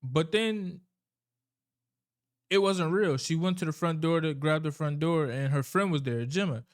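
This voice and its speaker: A man's voice: fairly high pitch, measured pace. A man casually recapping a horror movie's plot, rambling and swearing freely as he talks. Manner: rambling, profane, loose storytelling.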